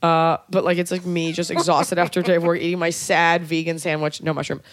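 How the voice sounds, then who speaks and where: A woman's voice: on the low side, level tone, a little fast, no room sound. A woman hosting a comedic podcast chat, wry and profane, tossing off jokes and asides. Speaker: podcast host.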